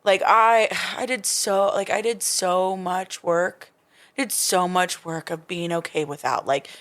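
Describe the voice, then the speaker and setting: A woman's voice: fairly low pitch, fairly even intonation, measured pace, fairly bright tone. A woman in her thirties talking casually as a podcast guest, hesitant and searching for words with many restarts. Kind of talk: casual recovery-group conversation.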